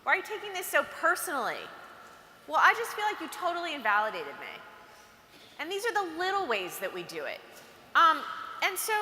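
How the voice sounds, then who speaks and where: A woman speaks to teenage girls at an event in a high, sharply bright voice. She is chatty and animated and acts out what girls say to each other. The sound is roomy, with a long hall reverb and faint ambience behind her. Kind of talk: motivational talk to teen girls.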